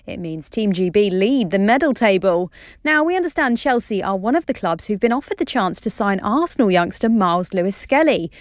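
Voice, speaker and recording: A woman's voice: medium pitch, dry recording. Woman reading sports news, dry sound. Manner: crisp, even news delivery. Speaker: sports newsreader.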